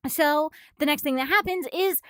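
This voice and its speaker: Streaming from her bedroom, this woman reads a comic out loud and goes off on tangents, gushing with plenty of swearing and a touch of breathlessness. Her high, fairly bright voice moves at a normal speed, captured in a dry, close recording.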